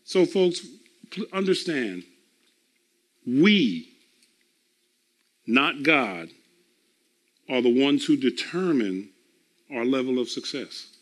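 A man preaching a sermon, emphatic and deliberate, repeating phrases for effect. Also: medium pitch, very animated. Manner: slow and deliberate, drawn-out pauses.

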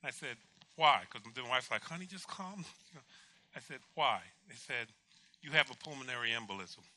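Bright-voiced pastor telling a lively story. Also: male voice, mid-range voice, normal speed. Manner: animated storyteller, acts out dialogue with laughs. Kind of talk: storytelling testimony.

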